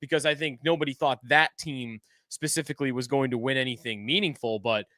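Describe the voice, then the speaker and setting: A man's voice: medium pitch, fairly quick, pushed and bright, no echo, clean studio sound. A man co-hosting a sports podcast, talking in a rambling, conversational way with frequent filler words. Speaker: podcast co-host. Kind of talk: casual sports talk.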